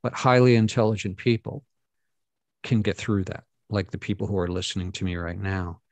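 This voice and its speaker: Deep-voiced man telling stories earnestly. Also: moderate pace, darkish tone, no echo. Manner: earnest, storytelling, rambling asides. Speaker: guest. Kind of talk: casual conversation.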